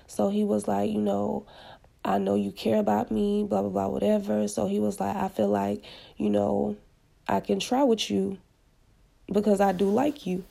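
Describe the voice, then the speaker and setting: A woman's voice: medium pitch, flat delivery, normal speed, creaky, dark tone. A woman casually retelling a personal story with blunt, slangy, profane candor. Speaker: podcast storyteller.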